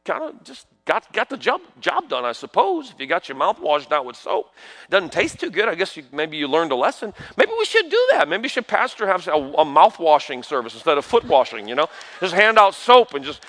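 High, lively New preacher man. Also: a little fast. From New York. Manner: dramatic swings between hushed asides and loud proclamations; peppers talk with rhetorical questions to the congregation. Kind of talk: sermon.

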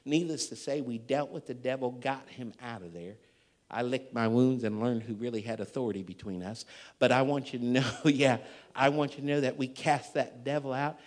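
A man preaching a sermon and telling a story, emphatic and dramatic, swinging between loud and hushed. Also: medium pitch, moderate pace. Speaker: pastor.

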